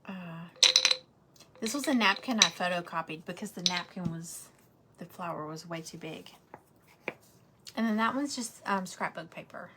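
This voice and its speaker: A woman's voice: on the low side, moderate pace, long pauses, very noisy. Woman, casual rambling host of a home craft livestream. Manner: chatty, rambling, talks straight to viewers.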